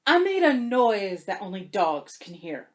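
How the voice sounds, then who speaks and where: A young woman vlogging about cross-stitch, telling a story in a chatty, animated way and getting emotional. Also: mid-range voice, a little slow. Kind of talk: casual chat to camera.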